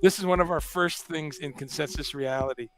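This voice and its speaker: A man chatting as a guest on a video call, animated and emphatic, often repeating words as he talks. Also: a little high, brisk, soft background music. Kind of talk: casual chat.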